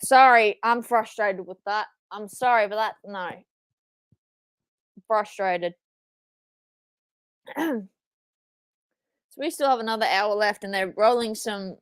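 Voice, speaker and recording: A young woman hosting a live watchalong, reacting excitedly, swearing and yelling at the screen, then repeating her frustration. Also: medium pitch, a little slow, pauses often, clean tone, no echo. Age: young adult. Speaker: watchalong streamer.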